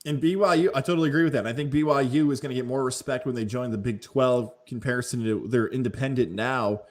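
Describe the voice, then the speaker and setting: A man's voice: mid-range voice, steady tone, quick pace. A male podcast co-host talking sports in a chatty, upbeat way. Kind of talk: casual sports chat with ad reads.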